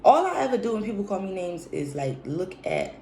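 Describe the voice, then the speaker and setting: A woman's voice: mid-range voice, sing-song, fairly quick, a little mellow. A woman hosting a podcast, venting in a blunt, profane, unscripted monologue. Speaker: podcast host. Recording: roomy echo, faint background noise.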